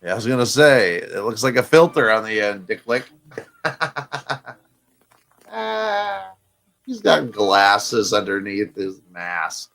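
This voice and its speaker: A man's voice: lowish voice, very animated, slow, gravelly, long pauses, fairly bright tone. A male host mocking a clip with teasing, ribbing banter. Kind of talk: mocking commentary over a clip.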